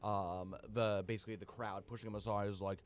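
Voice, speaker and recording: A man's voice: on the low side, flat delivery, fairly quick. A young man narrating as game master in a tabletop game, rambling and filling his talk with "like". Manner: rambling, full of "like".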